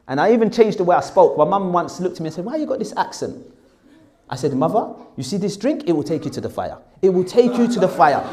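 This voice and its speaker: A man recounting his life with lively, self-mocking energy, slipping into acted-out dialogue. His voice sits somewhat higher than most men's. The tone is conversational and candid. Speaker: speaker telling his conversion story. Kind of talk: storytelling talk.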